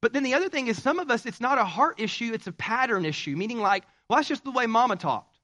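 A man preaches a lively sermon in a high, bright voice. He keeps it casual and funny, talking straight to the congregation. Now and then he breaks into sudden loud bursts. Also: fast talker. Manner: humorous, conversational preaching with shouted bursts. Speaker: pastor.

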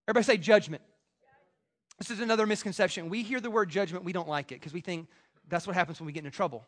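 A man preaching a sermon as pastor, animated, acting out the voices of people he quotes, with stammering restarts. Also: high-pitched, very fast. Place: church.

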